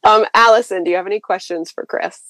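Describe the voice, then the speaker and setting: A woman's voice: mid-range voice, fast, fairly bright tone, no echo. A woman co-hosting a podcast, chatting casually with a guest and laughing easily. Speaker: podcast co-host. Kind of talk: casual chat.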